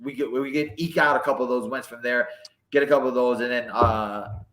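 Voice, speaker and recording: A man's voice: medium pitch, steady tone, brisk, a bit bright, reverberant, low-quality recording. A man co-hosting a podcast, giving laid-back casual chat and plain fight analysis.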